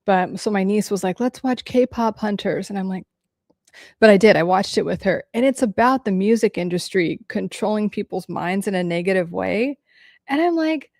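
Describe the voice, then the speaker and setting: A woman's voice: mid-range voice, moderate pace, gravelly, a little mellow, no room sound, clean studio sound. A woman hosting a casual livestream, answering viewer comments candidly and swearing freely.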